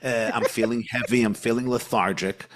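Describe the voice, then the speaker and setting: A man speaking as a spiritual teacher on a podcast, teaching with animated emphasis and repeating phrases. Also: medium pitch, moderate pace. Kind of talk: podcast conversation.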